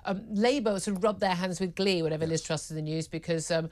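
Brisk British woman hosting a talk show. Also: on the low side, darkish tone. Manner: brisk, chatty, laughs easily. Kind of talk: studio political chat. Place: TV and radio studio.

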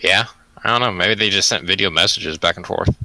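A man's voice: deep voice, brisk, pushed and bright, no room sound, low-quality recording. A young man chatting casually over a game, laid-back and dry as he reasons it out. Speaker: game player. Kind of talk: casual let's-play chat.

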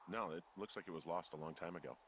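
A calm, wry fire lookout in a game, a middle-aged man with a lowish voice, as an actor plays him. He talks plainly and dryly, with faint background hiss behind him. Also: fast talker, close to an everyday voice. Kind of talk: video game voice acting.

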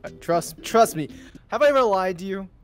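A man's voice: high-pitched, animated, moderate pace, soft background music. A man joking around with his friend while they play a game together. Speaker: gaming friend. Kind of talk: casual gameplay banter.

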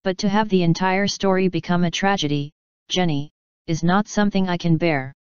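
A woman voicing a calm, wise female narrative spirit in a storybook reading, earnest and measured. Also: lowish voice, clear, resonant tone, no room sound, muffled recording, lightly acted.

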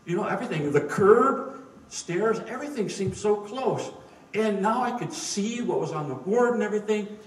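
A man's voice: high-pitched, animated, moderate pace. A man preaching a sermon, telling jokes and stories in a folksy, conversational way. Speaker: pastor. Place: church sanctuary. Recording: echoey room, mic at a distance.

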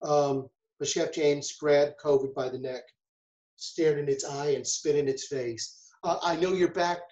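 A man's voice: a little high, steady tone, measured pace, mellow, roomy sound, rough recording. A man, a food safety chef, giving a casual webinar talk, chatty and full of rhetorical questions and storytelling asides.

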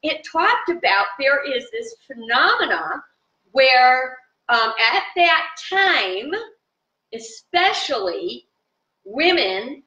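A woman giving an informal live spiritual talk to viewers from her home in the country, chatty and animated, with fillers. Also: sits high, slow. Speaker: spiritual teacher. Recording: dull, roomy sound from a distant mic.

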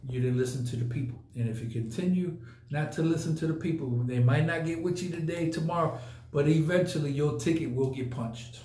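A man's voice: on the high side, brisk, warm tone, reverberant, a little hiss or hum. A man hosting a casual podcast, talking emphatically and repeating points for effect. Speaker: podcast host. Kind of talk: casual live podcast talk.

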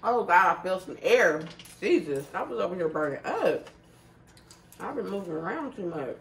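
Salty laughing woman chatting over food, lively voice, mic kinda far off. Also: lowish voice, normal speed. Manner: laughs often, loose and salty. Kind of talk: casual mukbang chat. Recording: far from the mic with faint noise.

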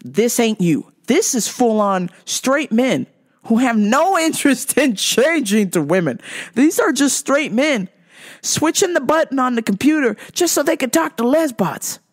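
A woman hosting a podcast, ranting in a heated, profane way that swings between yelling and muttering. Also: fairly high pitch, big pitch swings, measured pace. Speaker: podcast host.

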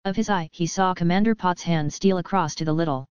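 A very smooth, clean storyteller's voice reading a children's adventure in an even, measured way. The sound is dry and a little dull, close to the mic with no room around it. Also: medium pitch, no room sound. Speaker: audiobook narrator. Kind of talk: scripted storybook narration.

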